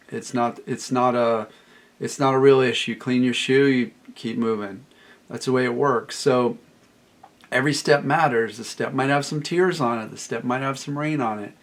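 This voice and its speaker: Emphatic mid-pitched male coach. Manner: emphatic, repeats phrases, quotes clients in a raised voice. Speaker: recovery coach. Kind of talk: solo talk to camera.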